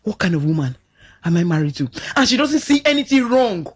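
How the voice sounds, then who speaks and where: A middle-aged woman with a Nigerian accent, a radio guest on parenting, telling stories with lively shifts of voice in a studio talk show. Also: medium pitch, brisk, breathy edge. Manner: animated storyteller, acts out quotes with shifts of voice.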